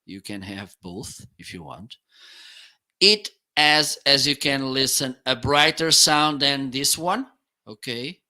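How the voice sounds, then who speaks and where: Here the man is a reviewer running a live-stream demo, casually explaining things while he tests boom-arm studio microphones on air. He talks slowly, and his voice is bright and medium in pitch.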